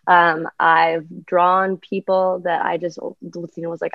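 A woman's voice: on the low side, flat delivery, slow, dry recording. Chatty woman artist on a muffled dry line. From United States. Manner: chatty, many ums and likes, laughs often. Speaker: artist guest. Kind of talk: casual interview chat.

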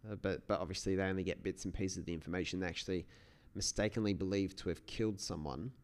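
A man's voice: deep voice, steady tone, fast, a little mellow, clean tone. A man hosting a solo podcast, talking in a casual, rambling way with many restarts. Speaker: podcast host.

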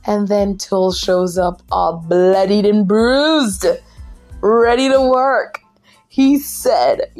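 A woman hosting a podcast, recapping a drama episode in casual chat, tired late at night, animated and laughing often. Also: a little high, extremely slow, faint music behind. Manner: animated, laughs often, acts out characters' lines.

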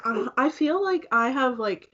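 Chatty young woman, slightly high. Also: lively intonation, unhurried, pushed and bright. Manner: chatty, fillers of "like" throughout. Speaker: co-host. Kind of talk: casual chat while doing makeup. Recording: dull lo-fi recording.

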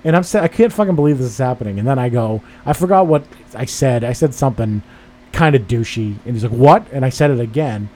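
A man with a mellow, darker voice tells a profanity-laced story into a studio microphone, venting and quoting both sides of the exchange. He talks in a loose podcast chat. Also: mid-range voice, expressive, quick pace, a little hiss or hum. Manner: profane, exasperated storytelling with quoted dialogue. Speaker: podcast host. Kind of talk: casual chat.

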